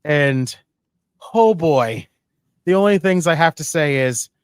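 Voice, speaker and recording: A man co-hosting a casual wrestling podcast, excitable and profane, repeating himself for emphasis. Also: a little high, slow, smooth, no echo, studio quality. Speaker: podcast co-host.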